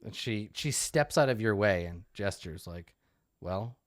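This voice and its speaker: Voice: low voice, animated, moderate pace, no room sound, studio quality. A person narrating as game master of a tabletop game, loose and chatty, laughing often.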